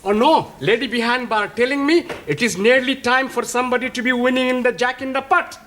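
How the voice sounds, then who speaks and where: An actor playing an excitable male student who gambles and speaks broken English, overusing "-ing" forms, in a studio sitcom. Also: extremely high pitch, brisk. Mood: fretful. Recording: hissy old TV sitcom recording.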